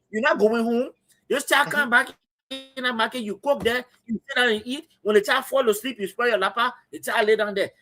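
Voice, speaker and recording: A man's voice: extremely high pitch, fairly bright tone. Liberian-accented male host, impassioned commentary, keeps hammering his points. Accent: Liberian English. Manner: emphatic, repetitive, addresses co-host as brother. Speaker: talk show host. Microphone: streaming setup.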